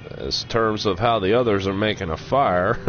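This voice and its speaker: A man with a fairly low voice hosts a gaming channel, offering goofy, joking let's play commentary as he plays. He's slow yet lively. The audio is lo-fi with slight background noise.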